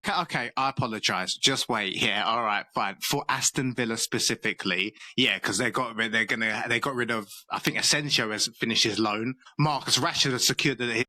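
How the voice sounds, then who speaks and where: Bright-voiced young man, chatty host. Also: medium pitch, brisk, few pauses, no echo. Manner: restarts sentences often, reads transfer news, calls co-host "bro". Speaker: football podcast host. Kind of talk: casual football chat.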